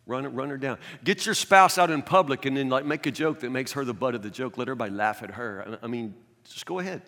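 A man preaching a sermon as a pastor in a conversational, animated way, recorded in a church sanctuary. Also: mid-range voice, quick pace. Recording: long reverb of a large church hall.

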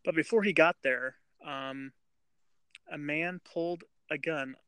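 A man's voice: on the high side, a little slow, a bit bright, clean tone, no room sound. A man co-hosting a casual true-crime podcast, telling the story with many fillers and restarts. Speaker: podcast co-host.

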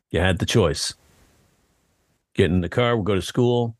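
A man's voice: sits low, fairly quick, no room sound. A man co-hosting a casual podcast chat, rambling with lots of fillers and acting out quoted dialogue. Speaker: podcast co-host.

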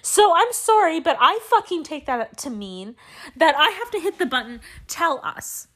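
Young woman podcaster, high voice, cursing and ranting all over the place, solo show. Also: normal speed. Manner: profane, animated storytelling with swings in pitch. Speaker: podcast host.

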